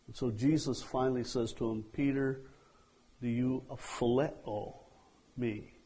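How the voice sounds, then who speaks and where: A man preaching a sermon, slow and deliberate, acting out quoted dialogue and letting lines trail off softly. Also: mid-range voice, slightly rough, low-quality recording.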